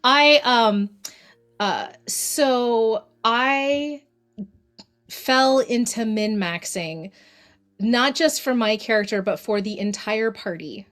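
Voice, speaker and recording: A woman on a casual stream panel, making measured, wry suggestions. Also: on the high side, expressive, a bit bright.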